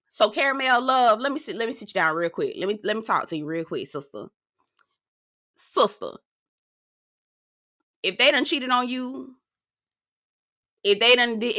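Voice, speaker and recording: A woman doing a casual recap of a reality show, sassy and animated, talking straight to her viewers. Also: medium pitch, dry recording, clean studio sound. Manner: animated, sassy, talks straight to viewers, lots of "girl" and "okay?".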